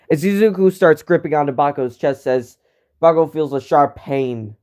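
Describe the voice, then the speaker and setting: Young guy narrating a fan story, rambles and corrects himself, mellow dark-toned voice. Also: on the high side, normal speed.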